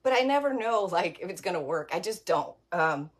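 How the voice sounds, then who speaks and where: A woman's voice: lowish voice, expressive, moderate pace, slightly rough. A woman hosting a chatty crafting livestream, rambling and greeting viewers by name.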